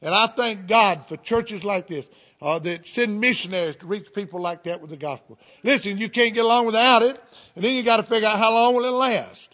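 Male preacher, Southern US accent, middle-aged, high voice, folksy sermon storyteller. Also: brisk, sharp tone. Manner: folksy storytelling with fervent interjections.

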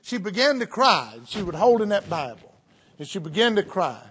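Male preacher, Southern US accent, middle-aged, high voice, folksy sermon storyteller. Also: sing-song, normal speed, fairly bright tone, husky. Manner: folksy storytelling with fervent interjections.

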